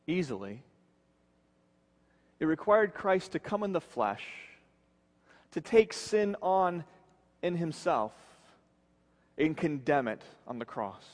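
A man preaching a sermon as pastor, earnest, slowing and dropping his voice low to stress key words. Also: in a large hall. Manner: earnest, slows and drops low for emphasis.

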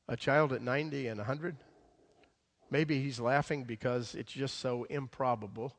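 A male pastor preaching a sermon, emphatic, swinging between loud declarations and hushed asides. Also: medium pitch, moderate pace. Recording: long hall reverb.

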